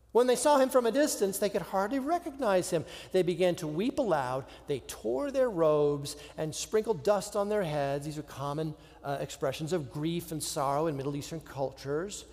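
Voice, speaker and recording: A man preaching a sermon, with dramatic pauses and drops to a hushed voice. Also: high voice, big-room sound. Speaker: pastor.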